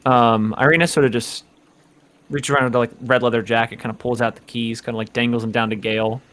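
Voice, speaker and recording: A man's voice: mid-range voice, fairly even intonation, quick pace, a bit bright. A man narrating as game master of a tabletop horror game, loose and full of filler words. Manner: loose, hedging, full of likes and kindas.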